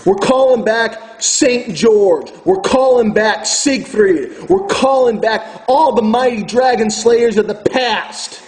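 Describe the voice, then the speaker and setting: A man's voice: high-pitched, slow pace, hardly any pauses, a little mellow, soft background music, poor audio. A man delivering a furious, profane ranting monologue as host of his own video channel, preaching to his viewers.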